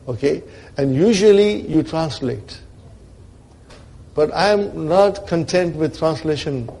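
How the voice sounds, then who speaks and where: A man's voice: a little high, mellow. A man teaching a grammar class, explaining step by step with rhetorical questions and often checking that his students are following him. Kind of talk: classroom lecture.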